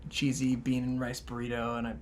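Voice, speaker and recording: A man's voice: medium pitch, monotone, brisk, a little hiss or hum. A young man, a band member telling a rambling tour story full of "like" and laughter. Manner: laughing, rambling with many likes. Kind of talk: casual storytelling.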